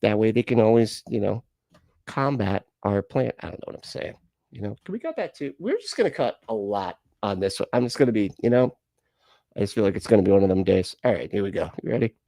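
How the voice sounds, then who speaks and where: A man's voice: on the low side, expressive, a little fast, gravelly, dark tone, no room sound. A man hosting a live reaction stream, rambling and joking at himself and laughing often. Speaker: reaction channel host. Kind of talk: casual live-stream chat.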